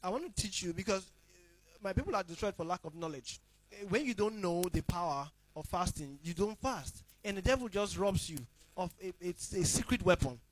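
A man preaching a sermon as the pastor, emphatic and repetitive, swinging between loud declarations and hushed asides. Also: high-pitched, expressive, moderate pace, rough recording.

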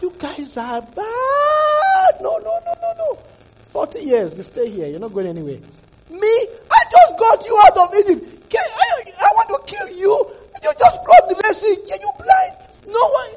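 A man acting out God as a furious deity scolding his people, shouting and wailing. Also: very high voice, wildly swooping pitch, a little slow, highs cut off, background noise, voice pushed up, exaggerated voice.

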